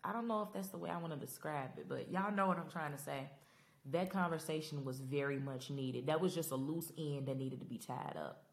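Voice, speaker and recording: A woman's deep, creaky voice moves a little fast as she recaps a TV finale on her podcast in a Black style. Expressive and emotional, she rambles and talks to her listeners directly in a casual way.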